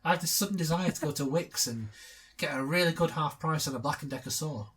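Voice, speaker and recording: A man's voice: on the high side, fast talker, a bit bright, slightly rough. A man co-hosting a casual film commentary, trading sarcastic jokes and laughing often. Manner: sarcastic, joking riffs with frequent laughter. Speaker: co-host.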